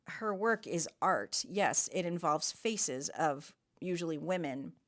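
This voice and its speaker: Lady painter chatting away over her painting footage, lowish voice, all excited tangents. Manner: chatty, enthusiastic, rambling asides. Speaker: watercolor artist and art vlogger.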